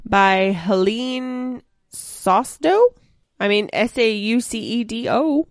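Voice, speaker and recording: A woman co-hosting a casual podcast chat from her home, jokey and quick to laugh. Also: fairly high pitch, no echo, studio quality. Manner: laughs often, jokey and animated. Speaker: podcast co-host.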